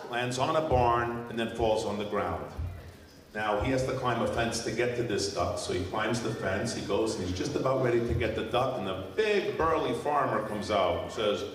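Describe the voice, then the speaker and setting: A man emceeing a show, playful and chatty, telling a joke to stretch the program. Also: mid-range voice. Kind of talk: stage announcing and joke telling. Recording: echoey hall through PA from far off.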